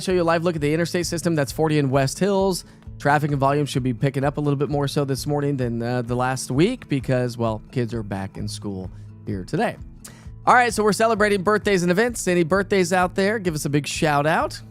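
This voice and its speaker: A middle-aged man, hosting a casual morning weather show in a chatty, rambling way with lots of fillers. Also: a little high. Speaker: TV weather forecaster.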